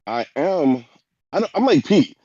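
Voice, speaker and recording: A man's voice: on the high side, sing-song, unhurried, dark tone, breathy edge, no echo. A man as a podcast guest, talking emphatically and rambling in casual chat. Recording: dull dry lo-fi mic.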